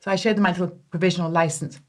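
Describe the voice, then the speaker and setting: A woman's voice: on the low side, very fast. An English woman, a makeup artist guest, telling a long anecdote in conversation and acting out the voices of the people in it. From England. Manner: lively storyteller who acts out quoted voices.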